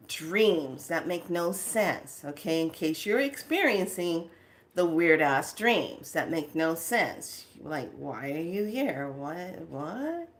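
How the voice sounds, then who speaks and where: A woman with a fairly low voice tells a dream story to her viewers. She is animated and blunt, swears casually, and acts out every exchange as she goes. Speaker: spiritual channeler and video host.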